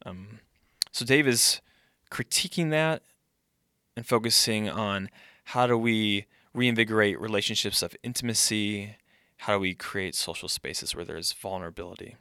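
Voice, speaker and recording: A man's voice: on the low side, normal speed, sharp tone, clean tone, dry recording, clean studio sound. A man who is a pastor and podcast host, speaking in a conversational podcast monologue and thinking aloud.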